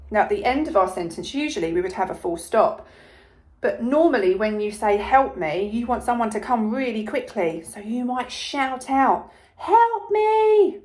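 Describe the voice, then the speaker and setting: A primary school teacher with an English accent leads a phonics lesson for young children, sounding out letters slowly and clearly and offering plenty of encouragement. Her voice is medium in pitch.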